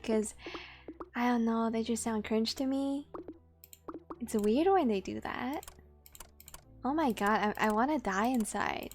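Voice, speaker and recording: Faint music sits behind this woman streamer as she talks playfully with her viewers in a slightly high voice. She's unhurried, pauses often, and giggles a lot during the casual live-stream chat.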